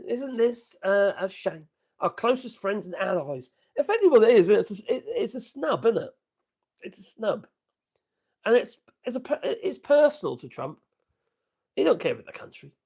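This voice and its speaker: A man's voice: high-pitched, creaky, darkish tone, husky. An older man, hosting a casual political commentary livestream and rambling chattily with asides. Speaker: livestream host.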